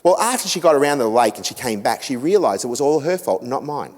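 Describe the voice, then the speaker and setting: A middle-aged Australian man giving a seminar talk to a church group, an animated storyteller who acts out quotes with self-mocking humour. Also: medium pitch, quick pace. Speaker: guest speaker on family relationships. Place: church hall. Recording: echoey hall with long reverb.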